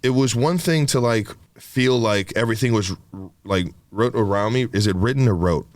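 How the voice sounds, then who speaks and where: A man's voice: lowish voice, normal speed, no echo. A young man co-hosting a podcast, talking in a loose, rambling way, swearing and laughing often. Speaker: podcast co-host. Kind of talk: casual chat.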